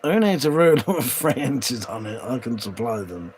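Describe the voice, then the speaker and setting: This livestream host speaks at a normal speed in a medium-pitched, sing-song, slightly mellow voice. He reads viewer comments in casual chat, swearing often and laughing along. The recording is rough and has slight background noise.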